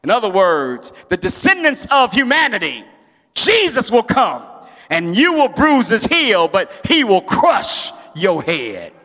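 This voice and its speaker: A man pastor preaching a sermon, rising to shouts at climaxes and dropping into casual storytelling asides. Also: high voice, huge pitch swings, measured pace, long reverb tail.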